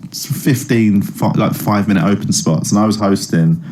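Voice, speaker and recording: This comedian in his thirties has a lowish, darkish voice and talks at a moderate pace. As an interview guest, he tells casual stories in a rambling way, constantly restarting and padding with fillers.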